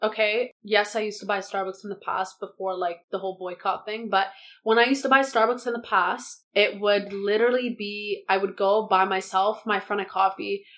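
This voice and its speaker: A woman's voice: mid-range voice, fairly even intonation, normal speed, fairly bright tone. A young woman talks casually and animatedly as a podcast guest, her English carrying the trace of another first language. She chats freely in a living room and laughs often. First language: not English. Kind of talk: casual chat.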